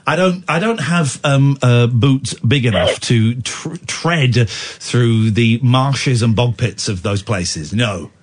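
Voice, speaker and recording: A man's voice: medium pitch, slow pace, a little hiss or hum. A man with an English accent hosting late-night radio, joking and teasing his callers in a studio. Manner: playful, teasing, jokey. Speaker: radio host.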